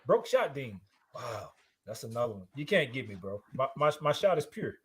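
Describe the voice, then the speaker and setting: A man's voice: mid-range voice, very animated, moderate pace, fairly bright tone. A man co-hosting a casual sports talk show, boasting, cursing freely and laughing often. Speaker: podcast co-host. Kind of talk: heated casual debate.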